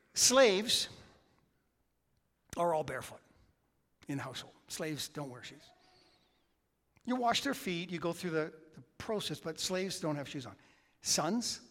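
A man preaching a sermon as pastor, swinging between hushed asides and loud, emphatic peaks. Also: a little high. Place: church sanctuary. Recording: long hall reverb.

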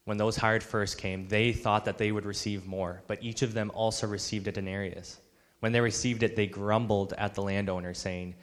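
Guy preaching a sermon, lowish voice, big echoey hall, acts out the quotes. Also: fairly even intonation, moderate pace. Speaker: pastor.

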